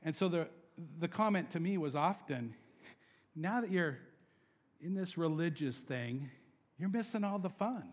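In his sermon, a young adult pastor swings animatedly from hushed scripture reading to loud, laughing emphasis. His slightly high voice moves at an unhurried pace with long pauses, and a long reverb tail follows.

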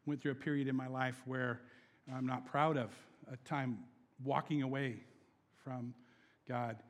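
An animated young man preaches as pastor, alternating between softly read scripture and loud emphasis punctuated by laughter. He has a mid-range voice and speaks a little slowly, with a long reverb tail.

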